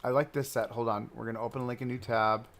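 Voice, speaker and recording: A man live-streaming a park-building game, chatting and thinking aloud as he browses and places items, swinging between excited outbursts and low mutters. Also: fast. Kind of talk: casual live-stream commentary while building.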